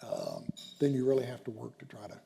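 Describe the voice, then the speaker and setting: Mellow-voiced man, halting and full of ums. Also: mid-range voice, wildly swooping pitch, vocal fry, slight background noise. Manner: halting, many ums and uhs, restarts. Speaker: chief justice being interviewed. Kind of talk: onstage conversation at a dinner event. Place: hotel banquet room.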